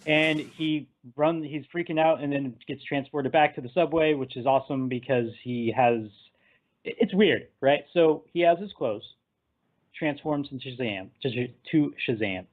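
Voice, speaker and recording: Speaking at normal speed in a mid-range voice, this podcast host chats loosely about a film, walking through it scene by scene and chuckling at his own humor. The line sounds tinny, like a phone.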